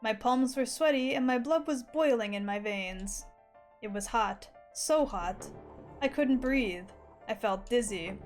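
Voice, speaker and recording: A woman streamer reads a visual novel's narration aloud with dramatic flair, her voice sitting a little high. She breaks off for crude asides, with faint game music behind her. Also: a little slow. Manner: dramatic reading, laughing, crude jokes.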